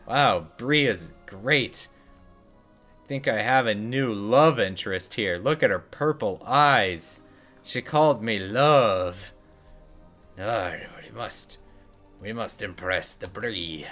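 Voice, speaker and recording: A man's voice: fairly low pitch, slow, fairly bright tone, soft background music. A man streaming a game, commenting in a casual, wry and joking way.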